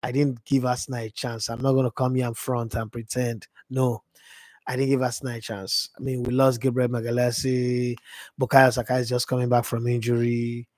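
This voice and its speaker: Hoarse man chatting on a livestream. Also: medium pitch, moderate pace, no room sound. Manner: excitable, rambling, repeats himself. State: hoarse, voice worn out from screaming. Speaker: football fan streamer. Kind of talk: casual live-stream chat. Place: at home.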